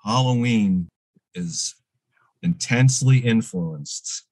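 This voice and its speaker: A man's voice: on the low side, expressive, slow, a little mellow, no echo, poor audio. A man guest in a casual interview, telling rambling stories full of fillers and restarts.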